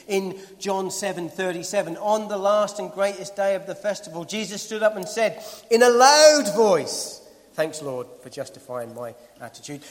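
A man preaching a sermon in a church hall. He builds with rhythmic, emphatic repetition and then drops to quiet asides. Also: high voice, animated, moderate pace. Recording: long hall reverb.

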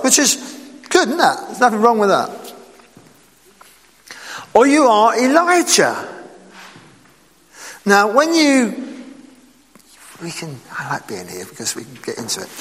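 A man preaching a sermon in a lively, conversational way, asking his listeners rhetorical questions. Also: high voice, big-room sound.

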